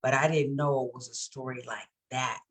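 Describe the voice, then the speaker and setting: A woman's voice: extremely low pitch, fairly even intonation, moderate pace. A woman co-hosting a casual chat, telling her story candidly and laughing often. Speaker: co-host.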